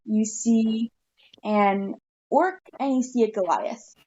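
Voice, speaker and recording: A woman's voice: fairly high pitch, takes it slowly, warm tone, husky. A woman narrating as game master, casual and full of fillers. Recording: dull lo-fi mic.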